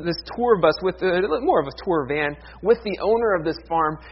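A man's voice: high-pitched, breathy edge, dull audio. A man in his thirties, a pastor giving a casual, self-deprecating sermon that opens with a folksy joke.

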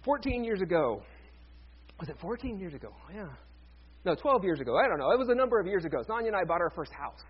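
A man's voice: high-pitched, big pitch swings, fast, breathy edge, dull audio. A man, a pastor, preaching a sermon in a conversational way with joking asides to the congregation.

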